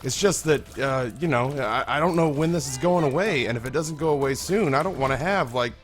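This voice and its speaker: A hoarse young man hosting a let's play, commentating in a rambling, candid way and swearing freely. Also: mid-range voice, a little fast, faint music behind. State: hoarse, strained voice. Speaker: gaming video host.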